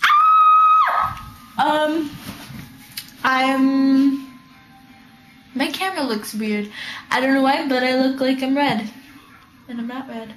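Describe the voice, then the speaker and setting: A woman's voice: sits high, slow pace, pauses often, reverberant, over music. A teenage girl vlogging at home, chatting to the camera in a bubbly, rambling, joking way while lying on the floor, recorded on a built-in camera mic. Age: teens. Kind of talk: casual chat to camera.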